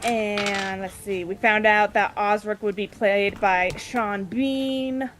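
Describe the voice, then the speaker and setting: A woman's voice: medium pitch, fairly even intonation, slow, fairly bright tone, a little hiss or hum. A woman casually recapping a tabletop game session, chatty and giggly, briefly acting out the party members' lines. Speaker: player recapping the previous session.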